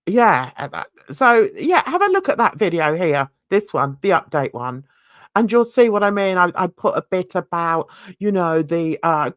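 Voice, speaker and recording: A female YouTube commentator chats casually to camera in a rambling way, full of asides and questions for her viewers. Her medium-pitched voice is recorded at studio quality with no echo.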